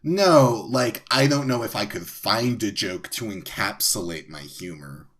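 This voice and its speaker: A man's voice: on the low side, lively intonation, measured pace, fairly bright tone, husky. A man co-hosting a podcast in casual chat, hesitant and dry, unimpressed by puns. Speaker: podcast co-host.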